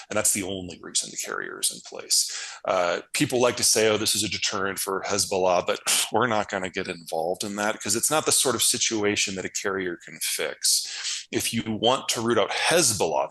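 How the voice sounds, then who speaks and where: A man with a fairly low voice, speaking plainly and bluntly as an interview guest. He leans on repetition for emphasis, stacking phrase after phrase to drive a point home. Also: pushed and bright, low-quality recording. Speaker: guest analyst. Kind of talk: interview answers, casual explanation.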